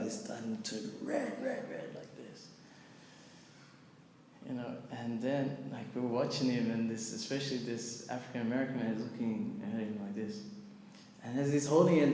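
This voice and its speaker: Animated man telling a story in an echoey hall. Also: medium pitch. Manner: animated, acts out the people in his story. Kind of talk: storytelling talk. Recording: echoey hall, faint background noise.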